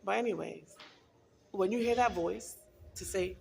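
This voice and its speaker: A woman's voice: medium pitch, unhurried, gravelly, a little mellow, a little hiss or hum. A middle-aged woman talking casually to camera in a wellness vlog, chatty and storytelling, laughing often. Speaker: wellness vlogger.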